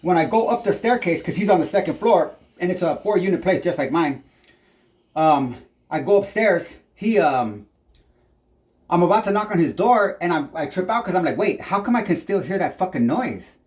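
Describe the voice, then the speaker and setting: A man's voice: high voice, lively intonation, moderate pace, a little mellow. A man angrily ranting to his camera as a tenant, swearing constantly and rambling from point to point. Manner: heavy swearing, agitated and rambling. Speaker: tenant filming a neighbor. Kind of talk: angry ranting vlog. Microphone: handheld camera.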